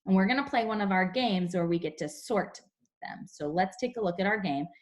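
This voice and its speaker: A young woman teaching a phonics lesson to young children over a video call, explaining slowly and clearly. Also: medium pitch, animated. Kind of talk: online class phonics lesson.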